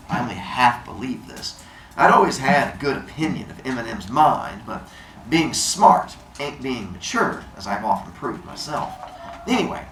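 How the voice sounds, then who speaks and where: A man's voice: medium pitch, big pitch swings, moderate pace. A man reading a novel aloud, stopping to explain things in casual asides. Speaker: reader and host. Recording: roomy room with faint noise.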